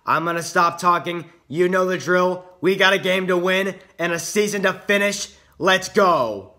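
A man's voice: on the high side, pushed and bright. A man casually commenting on his own football video game as he plays, chatty and upbeat. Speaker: gaming YouTuber.

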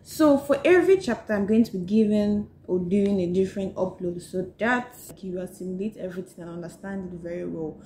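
A woman's voice: medium pitch, brisk, few pauses, mellow, a little hiss or hum. Chatty Nigerian woman vlogger, echoey room. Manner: chatty, repeats "so yes", talks to viewers directly. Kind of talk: casual book-summary vlog.

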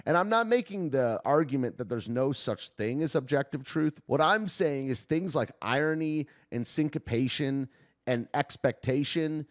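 A man's voice: medium pitch, animated, moderate pace. A man hosting a video, giving tentative, off-the-cuff commentary as he thinks aloud and reacts to a clip.

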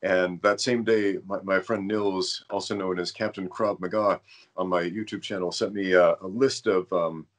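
A podcast host with a deep, level voice at a moderate pace tells a rambling story in casual conversation, tripping over his words now and then. His tone is fairly bright, and he's self-aware about his stuttering.

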